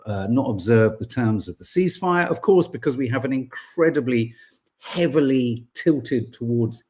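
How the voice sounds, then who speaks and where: Chatty man, lively pitch. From England. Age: 40s. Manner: rambling, reads listener comments aloud, wry asides. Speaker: podcast co-host. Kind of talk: casual chat.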